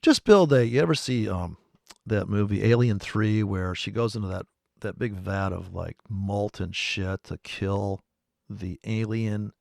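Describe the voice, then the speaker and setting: A man streaming about forex trading, ranting in a rambling, profane way with sudden loud outbursts. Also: fairly low pitch, a little slow, gravelly, dry recording, clean studio sound.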